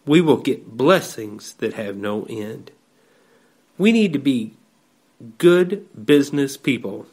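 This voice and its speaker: A man delivering a slow, measured devotional sermon, reading scripture aloud. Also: mid-range voice. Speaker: preacher.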